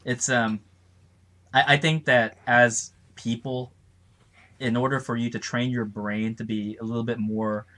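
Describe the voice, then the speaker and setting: A man's voice: mid-range voice, little pitch movement, unhurried, pushed and bright. A man co-hosting a casual podcast chat, who laughs often and drifts into lecturing asides. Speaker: co-host.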